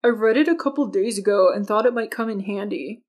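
A woman voicing a cocky, sharp-tongued teenage boy. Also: mid-range voice, brisk, natural voice. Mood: pleased, cocky. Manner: calm, cutting, self-assured. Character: bold, clever teenage boy.

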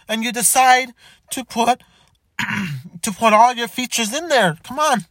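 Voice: medium pitch, animated, takes it slowly, pauses often, a bit bright, dry recording, studio quality. A car vlogger ranting in exasperation, often stumbling, restarting sentences and repeating "come on.". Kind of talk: opinion rant to camera.

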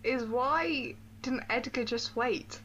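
A woman's voice: on the high side, slow, fairly bright tone, lo-fi sound, a little hiss or hum. A woman co-hosting a podcast, chatting casually about a film in a teasing, giggly way. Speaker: podcast co-host. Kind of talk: casual film review chat.

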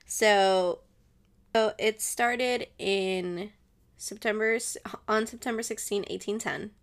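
A woman's voice: medium pitch, fairly even intonation, takes it slowly. A woman hosting her own show, chatting casually and rambling, laughing often and switching into Spanish now and then. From Mexican family. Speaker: podcast host. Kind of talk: casual solo chat.

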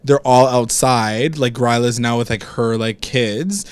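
A man's voice: mid-range voice, measured pace, clean tone. A man co-hosting a casual recap chat, sarcastic and exasperated, laughing often. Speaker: podcast co-host recapping a show.

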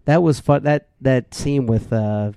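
A man with a warm, mellow voice talks over a film in casual podcast chat, full of "like" fillers as he spins a story. The sound is dry and close, with no room around it. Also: medium pitch, a little slow, smooth, dry recording. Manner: animated storyteller, lots of "like" fillers.

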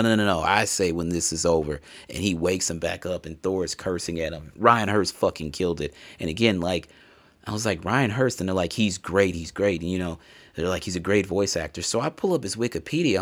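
A man's voice: sits low, a little fast. A man giving a casual, rambling game review, emotional and full of swearing. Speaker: gamer reviewing a video game. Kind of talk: casual solo review talk.

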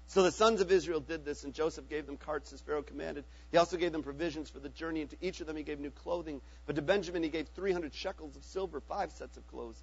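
A man reading a Bible passage aloud in a steady, earnest way, with small slips now and then. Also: on the high side, quick pace, hardly any pauses, breathy edge, highs cut off. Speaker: scripture reader.

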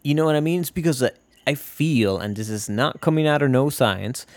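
A man's voice: medium pitch, expressive, a little fast, no echo. A man hosting a casual solo podcast, rambling from tangent to tangent, swearing and joking. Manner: rambling, profane, jokey. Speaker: podcast host.

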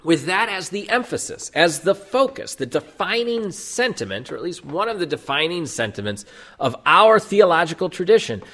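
Man, Lutheran pastor, sermon, animated pitch, emphatic, rhetorical questions. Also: normal speed.

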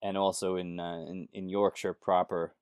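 A man's voice: sits low, normal speed, clear, resonant tone, no echo, studio quality. A man from New York, talking casually as a touring musician guest. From New York, USA. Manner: relaxed, rambling, friendly. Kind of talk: casual interview chat.

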